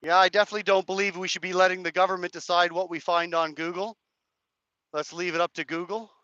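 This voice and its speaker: Hoarse man streaming from a rally. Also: high-pitched, flat delivery, fast talker, sharp tone, no room sound, muffled recording. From Canada. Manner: rambling, hedging, chats to viewers' comments. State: hoarse, cracked voice. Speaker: live streamer. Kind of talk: casual live-stream commentary. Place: outdoors at a street rally.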